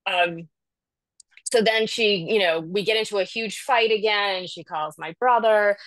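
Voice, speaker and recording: A woman's voice: mid-range voice, normal speed, fairly bright tone, no room sound. A middle-aged woman on a video call, telling a rambling, self-deprecating story about caring for her mother. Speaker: caregiver sharing in a support group. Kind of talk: candid personal story in a video call group.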